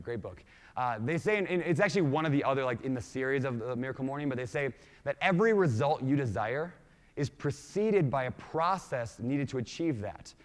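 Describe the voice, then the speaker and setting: Man, mixed midwest-northwest-hawaii accent, energetic keynote speaker, mid pitch, long hall reverb. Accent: mixed Minnesota, Washington and Hawaii. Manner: energetic, quizzes the audience with questions. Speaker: conference speaker. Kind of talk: motivational keynote talk. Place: large conference hall.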